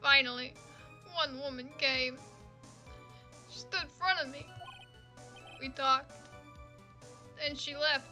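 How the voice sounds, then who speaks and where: A woman's voice: high voice, fairly even intonation, slow pace, long pauses, pushed and bright, faint music behind, heavily acted. A woman voicing a distraught ex-convict man in a fan game dub, with a shaky put-on New York Italian accent, crying out in anguish. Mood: mournful.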